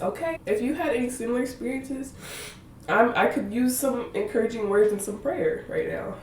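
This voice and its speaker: A woman's voice: on the high side, normal speed, darkish tone, distant mic, slight background noise. A woman in her twenties hosting a faith podcast, rambling and laughing through tangents, close to tears. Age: 20s. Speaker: podcast host. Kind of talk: casual faith podcast monologue. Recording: roomy echo, voice slightly off-mic.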